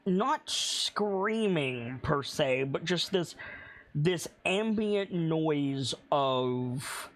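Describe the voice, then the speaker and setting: A man narrating as game master of a tabletop game, building the scene slowly, detail by detail. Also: fairly high pitch, expressive. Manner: slow, descriptive, builds scenes piece by piece.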